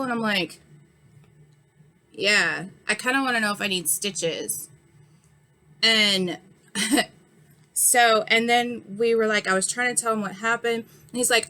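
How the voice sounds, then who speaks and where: A woman's voice: medium pitch, moderate pace, pushed and bright. A woman in her thirties with an injured, swollen eye, frankly retelling an incident in a casual vlog. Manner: frank, heated retelling with many fillers. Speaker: vlogger. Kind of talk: casual storytime monologue.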